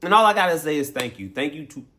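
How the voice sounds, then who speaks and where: Playful chatty man, bright voice. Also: fairly high pitch, animated, quick pace. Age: adult. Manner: playful and chatty, laughs often, acts out quoted voices. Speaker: game streamer. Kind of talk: casual recap talk to viewers.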